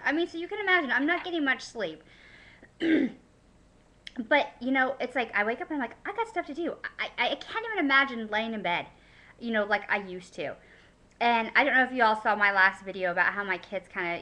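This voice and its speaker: A woman's voice: medium pitch, sharp tone, poor audio. A woman in her thirties talking casually in a personal video diary, chatty and emotional, with lots of fillers and restarts. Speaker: vlogger.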